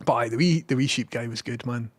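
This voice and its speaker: A man's voice: medium pitch, fast talker. A man with a Scottish accent, a live streamer telling a rambling story and reading out viewer messages.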